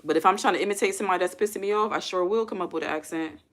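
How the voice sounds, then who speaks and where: A young woman talks casually on her own livestream, her voice sitting a little low. She rambles easily, calls her viewers y'all and keeps tossing questions to the chat. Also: rapid-fire. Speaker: livestream host.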